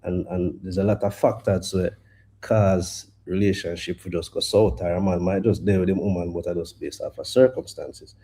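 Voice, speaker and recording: A man with a Jamaican accent speaking on a discussion panel in a measured, reflective way. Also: deep voice, fairly even intonation, dark tone, slightly rough.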